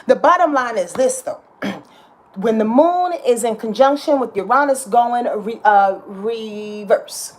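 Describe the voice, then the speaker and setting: A woman's voice: a little high, animated, unhurried. A woman giving a casual astrology talk, passionate and dramatic, emphatic and repetitive, with slang and swearing. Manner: profane and slangy.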